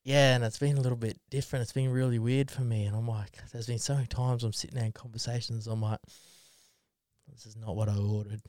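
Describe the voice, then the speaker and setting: A man's voice: medium pitch, little pitch movement, fast talker, few pauses, darkish tone, dry recording, studio quality. A man, co-hosting a podcast, rambling and swearing with frequent laughs in casual chat. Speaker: podcast co-host.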